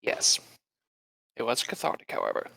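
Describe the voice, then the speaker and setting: A man's voice: moderate pace, bright, forceful tone, lightly acted, low-quality recording. A man voicing a curt, formal male spellcaster in a live tabletop role-play, speaking in stiff, clipped phrasing. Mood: annoyed.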